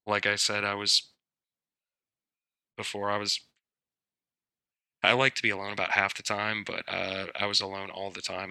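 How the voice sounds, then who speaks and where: Male podcast guest, gravelly and flat, dry close sound, candid and hesitant. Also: on the low side, no echo. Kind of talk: casual interview chat.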